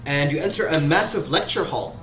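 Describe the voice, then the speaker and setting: Game master with a roomy echo. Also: male voice, fairly high pitch, brisk, fairly bright tone. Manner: hesitant, many fillers. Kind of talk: narrating a tabletop game. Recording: echoey room sound.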